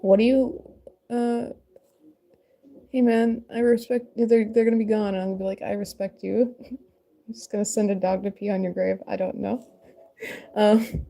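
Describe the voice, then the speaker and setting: A woman's voice: medium pitch, level tone, normal speed, vocal fry, pauses often, warm tone. A woman chatting casually while sculpting, rambling and laughing often, joking at her own expense. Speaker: crafter and mother.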